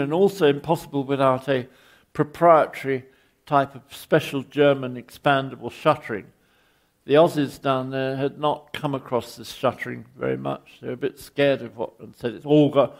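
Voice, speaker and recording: Older English man, gravelly wry lecturer. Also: mid-range voice, a little mellow. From England. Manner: rambling, wry, with frequent restarts. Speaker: lecturing architect. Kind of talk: anecdotal public lecture.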